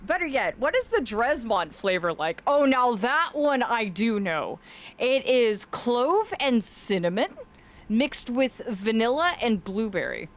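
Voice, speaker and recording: Streamer woman, fairly high and very animated voice, affectionate chat, occasional voice cracks. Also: unhurried. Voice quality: voice cracks now and then. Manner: affectionate, reads chat aloud, often laughs. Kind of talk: casual live-stream chat.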